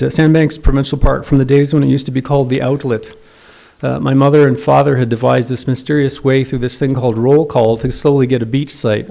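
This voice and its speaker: A man's voice: medium pitch, vocal fry, a little mellow. A middle-aged man giving a eulogy for his father, telling wry, self-deprecating stories at a memorial service. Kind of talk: memorial eulogy with humorous anecdotes.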